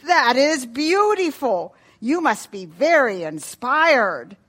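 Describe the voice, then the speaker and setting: A woman voicing a cheerful, patient father in a children's story, speaking slowly and loudly as he explains words. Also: mid-range voice, very animated, heavily acted. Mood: booming.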